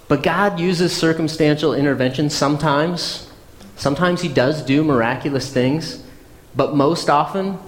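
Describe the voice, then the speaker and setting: A man giving a conversational sermon, reading scripture aloud and then explaining it, now and then acting out people's prayers in a mock voice. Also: mid-range voice. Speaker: pastor. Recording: long hall reverb, faint noise.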